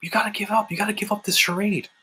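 A preacher voicing a calm, tender heavenly father who speaks gently and quietly to his child. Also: sits high, fast, a little hiss or hum. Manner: calm, hushed, gently pleading.

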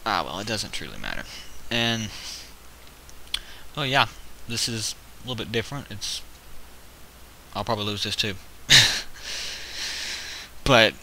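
A man's voice: lowish voice, big pitch swings, moderate pace, creaky, long pauses, pushed and bright, poor audio. Rambling man narrating a strategy game. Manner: rambling, counts units aloud, self-correcting. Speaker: gameplay video host. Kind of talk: casual let's-play commentary. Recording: faint hiss behind.

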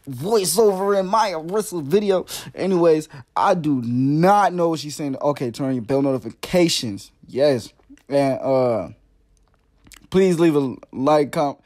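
A man's voice: fairly high pitch, darkish tone, no room sound, studio quality. A man doing a comedic parody voiceover of a makeup video, playful and slangy, with joking asides.

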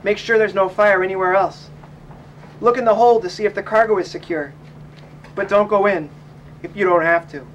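A man's voice: high voice, normal speed, pauses often, fairly bright tone, recorded from a distance, muffled recording, a little hiss or hum. A man reading aloud as a stocky, bearded bosun giving clipped orders to his watch. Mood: commanding.

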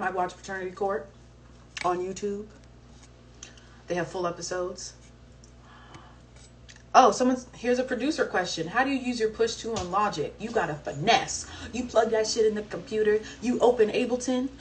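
Animated young woman telling a story on a live stream. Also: on the high side. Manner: animated, slangy and profane, with exclamations. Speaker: live-stream host answering viewer questions. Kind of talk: casual storytelling chat. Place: home, streaming live while eating. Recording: voice a bit distant from the mic, faint background noise.

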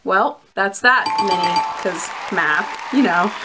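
A woman's voice: medium pitch, slow pace, very noisy. A young woman chatting casually to camera in a vlog, giggly and bubbly, often laughing between her words. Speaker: vlogger reviewing plush collectibles.

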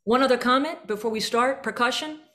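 A fairly high, brisk, sharp-toned woman's voice belongs to a jazz clinician. She directs a band rehearsal clinic, offering vivid images to the players and singing out syllables and rhythm phrases.

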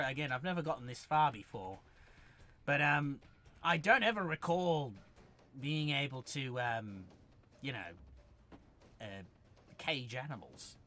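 Excitable streamer yelling battle cries. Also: male voice, on the high side. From Australia. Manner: excitable, yells taunts and battle cries at enemies. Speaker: game streamer. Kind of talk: let's-play gaming commentary.

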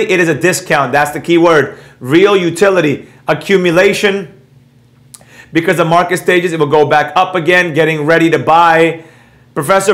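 A middle-aged man hosting a trading channel in a casual, lecturing monologue to his viewers, brash and repetitive, reading and answering live chat comments. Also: fairly high pitch. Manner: animated, repeats points for emphasis. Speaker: trading educator and channel host.

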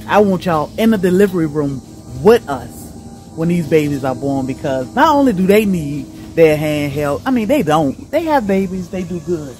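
A middle-aged woman vlogging casually outdoors by her rabbit hutches, chatty and animated, laughing often as she talks to viewers. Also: sits low, normal speed, faint music behind. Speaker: homestead vlogger.

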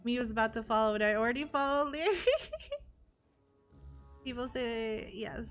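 A young woman who streams games as a VTuber chats casually with her viewers in a high voice at a moderate pace, pausing often. She is bubbly, laughs often, and reacts to chat, with soft music playing in the background.

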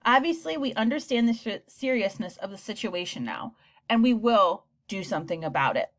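An uncomfortable father who sounds gruff and wants to cut to the chase. He tries to calm the tension, voiced by a woman reading aloud. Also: medium pitch, normal speed, close to an everyday voice. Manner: gruff, trying to smooth things over.

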